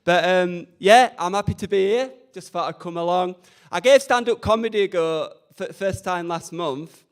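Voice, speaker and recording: A man's voice: high voice, normal speed, smooth. A young man, doing cheeky, camp, self-deprecating stand-up at an open mic night. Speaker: stand-up comedian. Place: community radio open mic event.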